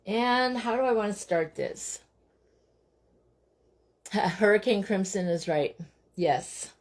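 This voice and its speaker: A woman's voice: medium pitch, animated, slow pace. Chatty woman hosting a home craft stream. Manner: chatty, talks straight to viewers, breaks off to tell her children what to do. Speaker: host of a live crafting stream. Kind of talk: casual chat while crafting.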